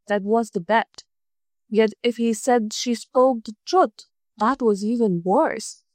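Woman narrator, storybook reading, expressive, slow, fairly high voice, dry close recording. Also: no echo.

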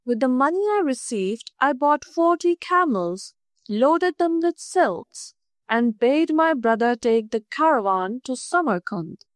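A woman voicing a clever, calm young woman who speaks politely and with quiet cunning in a storybook reading. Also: sits high, a little slow, dry recording, studio quality. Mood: composed. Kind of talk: storybook narration.

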